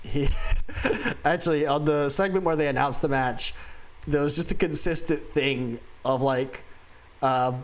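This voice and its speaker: A man's voice: on the high side, unhurried. A man hosting a wrestling podcast in loose, laughing casual chat full of fillers. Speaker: podcast host.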